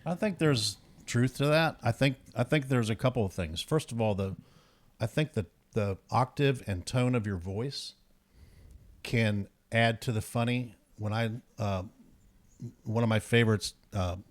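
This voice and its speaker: Midwestern male co-host, mid-pitched voice, chatty and explanatory. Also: measured pace. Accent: Midwestern American. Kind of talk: casual chat.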